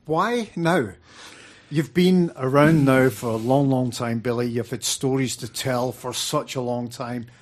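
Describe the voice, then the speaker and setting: A man with a voice of middling pitch hosts an interview. He asks his guest questions in a plain, everyday way. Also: measured pace. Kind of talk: radio interview.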